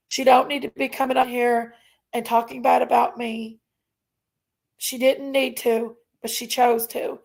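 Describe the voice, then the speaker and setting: Gravelly-voiced woman livestreaming. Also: a little high. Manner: reads out viewer names, thanks members, vents about her sister. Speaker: livestream host. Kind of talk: casual livestream chat.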